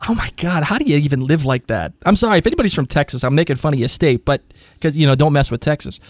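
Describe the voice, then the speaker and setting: A lively man co-hosting a podcast, his pitch swinging widely as he chats and laughs. He reads listener comments aloud in a casual, playful way. The sound is dry and close. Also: fast, no room sound. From Rhode Island. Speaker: podcast co-host. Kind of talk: casual chat.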